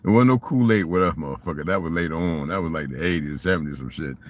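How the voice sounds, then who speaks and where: A man's voice: rumbling low, fast talker, hardly any pauses. An older man telling rambling, profane stories in a casual monologue and asking rhetorical questions. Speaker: vlogger.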